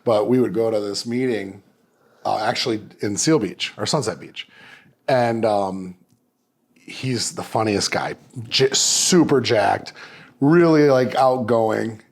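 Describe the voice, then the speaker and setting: A man's voice: fairly low pitch, slow. A man hosting a podcast, talking casually and animatedly, swearing freely and acting out the people in his stories. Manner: animated storyteller, swears freely, acts out quotes. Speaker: podcast host.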